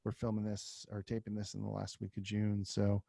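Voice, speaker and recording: A man's voice: on the low side, monotone, normal speed, vocal fry, dark tone, no echo. A man co-hosting a music podcast, chatting loosely with many fillers and restarts. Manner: loose, rambling, lots of fillers. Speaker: podcast co-host. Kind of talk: casual podcast chat.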